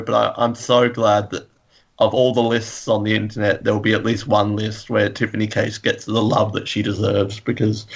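Gravelly guy rambling on a podcast, laughs a lot, kinda muffled lo-fi sound. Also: on the low side, a bit bright. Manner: enthusiastic, rambling, laughs often. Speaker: podcast co-host. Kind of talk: casual chat.

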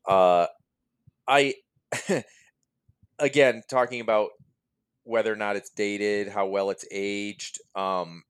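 A man hosting a casual podcast chat, animated and laughing often as he tells stories. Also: on the low side, slow, pauses often, clear, resonant tone. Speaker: podcast host.

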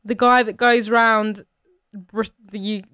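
Young girl chatting on a podcast, kinda high voice, super dry close sound. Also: slow, clear, resonant tone, dry recording. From England. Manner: chatty, animated storyteller, acts out quoted voices. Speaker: podcast co-host. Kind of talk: casual chat.

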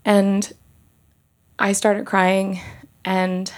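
A woman doctor recounts a true experience with a low voice that has a gravelly, fry-tinged texture. She speaks haltingly and with emotion, often stopping and starting over mid-phrase. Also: fairly even intonation. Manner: halting, emotional, many restarts and pauses. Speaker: doctor telling a personal story. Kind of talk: live personal storytelling.

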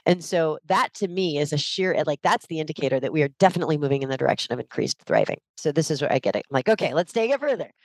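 A woman with a fairly low voice, talking on a video call as a podcast guest. She explains ideas with energetic emphasis and a teacherly drive. The sound is dry and close. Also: fast talker, hardly any pauses, no echo. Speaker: leadership coach guest.

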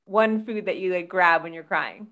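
A woman hosting a podcast, asking questions and chatting in a relaxed, casual way. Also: on the low side, moderate pace. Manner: relaxed, asks questions loosely. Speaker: podcast host. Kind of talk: casual interview chat.

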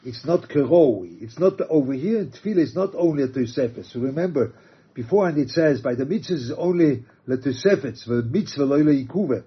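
A man teaching a religious text, reading quotes aloud and explaining them halting restarts. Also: fairly high pitch, animated, slightly rough. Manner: reads Aramaic and Hebrew quotes then explains in English, halting restarts. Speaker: Torah teacher. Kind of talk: text study lecture. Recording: dull lo-fi recording.

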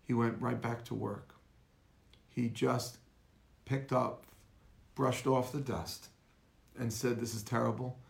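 A man's voice: medium pitch, level tone, takes it slowly, gravelly, pauses often, echoey room. A man, a rabbi, giving a livestreamed lecture in a storytelling way, asking rhetorical questions. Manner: storytelling, rhetorical questions, welcomes viewers by name. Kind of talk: Facebook Live lecture.

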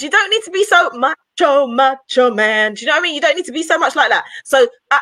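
Lively high-voiced woman chatting. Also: fast talker, few pauses, no echo, poor audio. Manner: animated, laughing, playfully blunt. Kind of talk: casual podcast chat.

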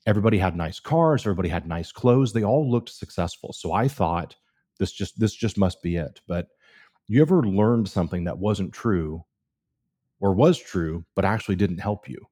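His voice is lowish and slightly rough: a man in his forties appearing as a real estate guest on a podcast. The chat is casual, and he tells animated stories, acting out the dialogue of the people in them.

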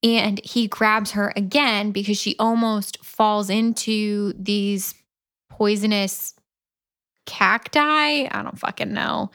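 A woman co-hosting a chatty podcast, walking through a book's plot at an unhurried, drawn-out pace. Her delivery is dry and deadpan, with casual swearing tossed into her asides. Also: mid-range voice. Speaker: podcast co-host. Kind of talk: casual chat, retelling a book plot.

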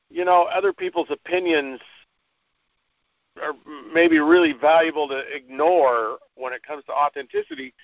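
A male interview host with a slightly raised pitch asks long, encouraging questions that draw out his guest. The sound is dry and close. It also comes across dull and lo-fi. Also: creaky, no echo.

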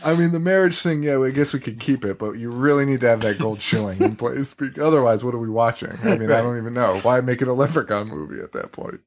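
A man's voice: medium pitch, expressive, quick pace, few pauses. A young adult man hosting a casual podcast, joking and laughing often, with a slight frog in his throat. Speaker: podcast host.

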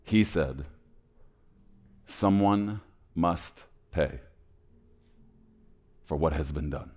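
Preacher playing a very old, gentle father figure, deep, hushed and unhurried. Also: faint music behind, heavily acted. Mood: solemn. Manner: slow, quiet, calm. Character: very old man, calm and solemn father.

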